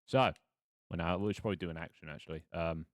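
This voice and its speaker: A man's voice: deep voice, fast talker, no echo, clean studio sound. A man as game master, narrating a tabletop game on a casual live stream in a rambling, self-mocking way with fillers and swearing.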